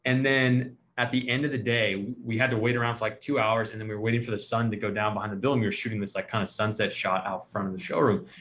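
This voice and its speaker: A man's voice: on the low side, steady tone, fast, few pauses, a bit bright, a little hiss or hum. A man hosting a podcast, telling a story in casual chat, acting out quoted voices and laughing at himself. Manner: laughs often, self-deprecating. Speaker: podcast host.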